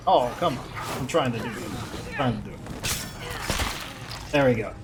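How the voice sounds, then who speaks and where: A man hosting a let's play, commenting in an excitable, rambling way and filling his talk with "like". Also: mid-range voice, moderate pace, pauses often, noisy background. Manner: excitable, rambling, heavy use of "like". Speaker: gaming channel host.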